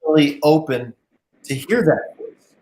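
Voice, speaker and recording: A man's voice: fairly high pitch, lively intonation, unhurried, a little mellow. A man hosting a live interview show, jovial and teasing with his guest. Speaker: host.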